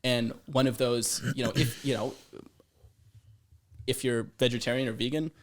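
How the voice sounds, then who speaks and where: A man's voice: medium pitch, little pitch movement, normal speed. A man who co-runs a fish shop, chatting earnestly on a podcast recorded in a home and repeating words as he builds his points. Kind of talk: casual podcast chat. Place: living room of a home.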